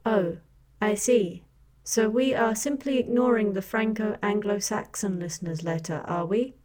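A woman co-hosting a comedy podcast, speaking in a formal, prim, deadpan manner. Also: medium pitch, a little slow. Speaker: podcast co-host and assistant. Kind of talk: scripted comic deadpan.

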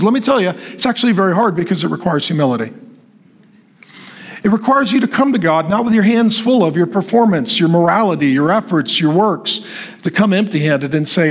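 A man preaching a sermon as pastor, using repetitive rhetorical lines that build to emphatic declarations, and dropping soft and slow on solemn phrases. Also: sits high, animated.

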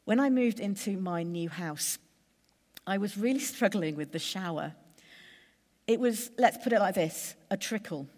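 A woman preacher giving a sermon in a measured, conversational way, building lists with steady pauses. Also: medium pitch, in a large hall.

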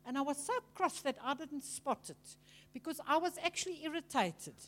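High-voiced woman preacher. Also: moderate pace. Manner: chatty, animated storytelling with mimicry. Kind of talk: teaching sermon.

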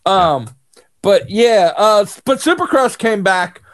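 A man's voice: sits high, expressive, takes it slowly. A man co-hosting a casual racing podcast, joking and teasing, often restarting his sentences. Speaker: co-host.

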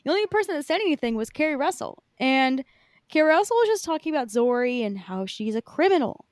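A woman's voice: sits high, big pitch swings, fast, dry recording, clean studio sound. A woman co-hosting a podcast, recapping news in casual chat with many fillers. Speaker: podcast co-host.

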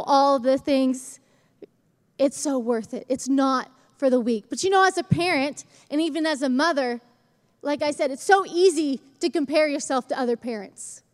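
A young woman preaching a sermon in a church, chatty and animated, acting out little stories as she goes. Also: high-pitched.

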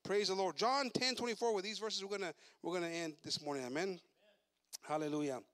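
A man with a high, ringing voice preaching a sermon in both English and Spanish. He flips between the two languages, stumbles over repeated words, and rises to fervent shouting. The sound is close and dry, with no room echo. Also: a little fast. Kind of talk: bilingual sermon.

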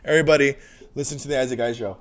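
A man's voice: medium pitch, steady tone, rapid-fire, a little hiss or hum. A man hosting a casual podcast, playful and laughing, defending himself in mock protest. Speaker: podcast host.

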